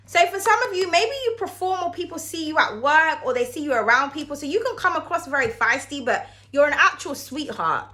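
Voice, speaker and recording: A woman's voice: high-pitched, lively intonation, a little fast, hardly any pauses, bright, forceful tone. A woman giving a casual tarot reading to camera, chatty and frank, cursing freely and calling the viewer darling. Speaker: tarot card reader.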